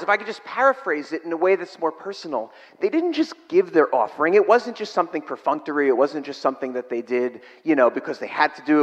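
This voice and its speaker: A man's voice: mid-range voice, a bit bright. A middle-aged man preaching a sermon, reading scripture aloud and then explaining it in a plain, conversational way. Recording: long hall reverb.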